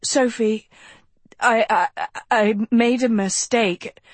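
A woman voicing a blunt, gruff teenage girl who presses hard and speaks plainly. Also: a little high, fairly even intonation, takes it slowly, dry recording, voice pushed up. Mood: tense.

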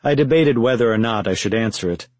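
A male audiobook narrator reads first-person prose in a measured, reflective tone. His voice sits at an average pitch. The recording is close and dry, with no room echo. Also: a little mellow.

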